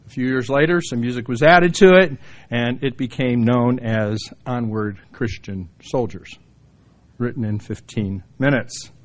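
A man's voice: medium pitch, unhurried. A middle-aged male pastor preaching a sermon in a church, telling humorous stories and jumping into the voices of the people in them. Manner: storytelling, acts out quoted voices.

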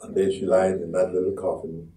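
A man preaching a sermon as pastor, dramatic, acting out quoted voices and swinging from hushed to loud. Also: low voice, flat delivery, brisk. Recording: echoey room from far off.

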